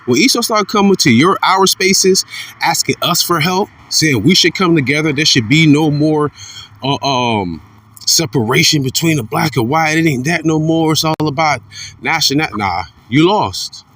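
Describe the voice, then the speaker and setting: A man's voice: moderate pace, fairly bright tone, far from the mic. Blunt, fired-up preaching man. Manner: blunt, profane, repeats himself, swings from fired-up to low and muttered. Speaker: religious commentator. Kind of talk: informal preaching monologue.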